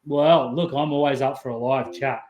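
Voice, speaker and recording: A man's voice: mid-range voice, fairly even intonation, moderate pace, darkish tone, roomy sound. A man co-hosting a sports podcast over a remote call, upbeat and joking. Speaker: podcast co-host. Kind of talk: casual sports chat.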